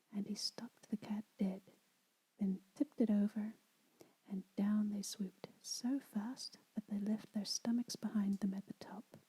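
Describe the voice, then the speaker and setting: A woman whispering a children's story aloud as an ASMR storyteller, soft and unhurried. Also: medium pitch, breathy edge, poor audio.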